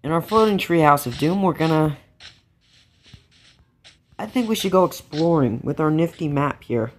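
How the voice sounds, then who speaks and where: A man giving casual, rambling commentary while playing a game, gasping and getting excited at cute animals. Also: on the high side, normal speed. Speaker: let's play gamer.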